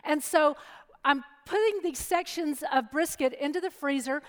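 A middle-aged woman preacher giving a sermon and telling a personal story in a lively, chatty way. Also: high voice, normal speed. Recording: long hall reverb.

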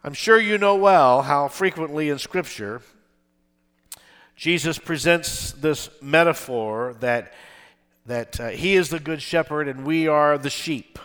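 Slow-paced and clear, this older pastor's voice sits on the high side, fairly bright and resonant. He preaches emphatically to his congregation in a balconied church, often urging them to respond.

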